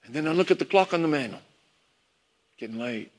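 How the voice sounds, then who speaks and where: A man's voice: fairly high pitch, lively intonation, a little fast. A preacher telling a sermon story, reminiscing about his parents. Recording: long hall reverb.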